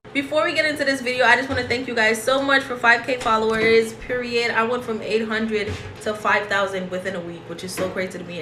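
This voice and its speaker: A woman's voice: mid-range voice, bright, forceful tone, reverberant, a little hiss or hum, rough recording. A woman doing a casual accent challenge, chatty and grateful to followers. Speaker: tiktok creator.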